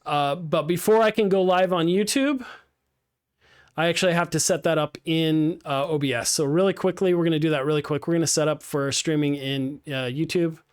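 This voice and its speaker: A man teaching a game streaming class live, walking through software setup in a casual, upbeat way with many ums and restarts. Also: fairly high pitch, fairly quick, clear, resonant tone.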